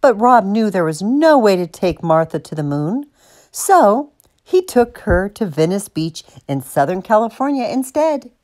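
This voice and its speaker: A woman reading a children's picture book aloud in an expressive, deliberate manner. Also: medium pitch. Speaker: storybook reader.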